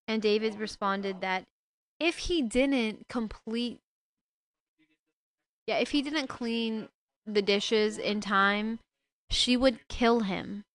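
A woman's voice: medium pitch, a bit bright. A woman hosting a casual book talk, retelling a story with emotional, indignant asides. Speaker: book discussion host.

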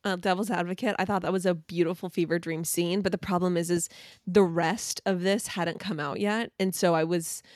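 A woman's voice: on the low side, fairly even intonation, normal speed, darkish tone, dry recording. Woman co-host, casual and sarcastic, giggles often, dry close sound. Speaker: podcast co-host. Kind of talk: casual chat reading an article. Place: home.

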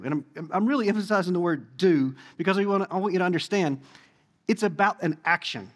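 High, lively-voiced man preaching. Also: fairly quick, in a large hall. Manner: jokey, conversational preaching with asides to the congregation. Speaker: pastor. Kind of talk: sermon.

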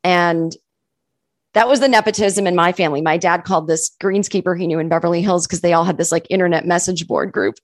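A woman comedian on a podcast tells stories in a chatty way, leaning on "like" and voicing the people in them. She speaks briskly in a lowish, steady voice, captured in a dry, clean studio recording.

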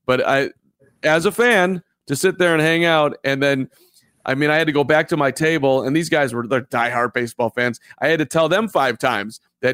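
A man co-hosting a live baseball podcast chats casually, telling stories in a rambling way and repeating himself. His voice is on the high side and fairly bright, at normal speed, with no room sound.

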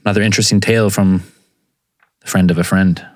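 A man's voice: low-pitched, fairly even intonation, fast, a little mellow, no echo, studio quality. A man co-hosting a casual podcast, mostly adding short reactions and jokes. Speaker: podcast co-host.

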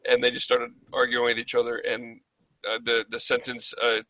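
A man's voice: medium pitch, completely flat delivery, moderate pace, bright, forceful tone, no echo, rough recording. A man co-hosting a podcast in casual chat, laughing often as he tells a story.

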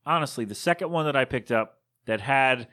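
A man's voice: mid-range voice, lively intonation, fairly quick, sharp tone. A man hosting his own podcast, telling a story in a casual, rambling, digressive monologue. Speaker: podcast host.

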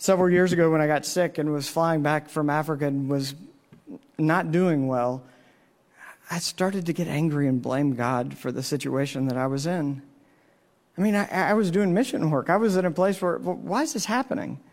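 A man's voice: a little high, fairly even intonation, moderate pace, darkish tone. A man preaching a sermon in an earnest, storytelling way, his voice rising on the questions he asks. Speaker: pastor.

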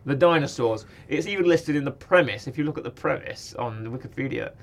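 A man's voice: mid-range voice, brisk, vocal fry. A man co-hosting a podcast, chatting casually about a cartoon series, rambling, correcting himself and laughing often. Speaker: podcast co-host.

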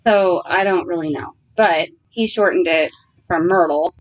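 A woman co-hosting a podcast, chatting casually and telling stories in a warm-hearted, talkative way. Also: lowish voice, measured pace. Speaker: podcast co-host. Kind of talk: casual chat. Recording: dull, lo-fi sound.

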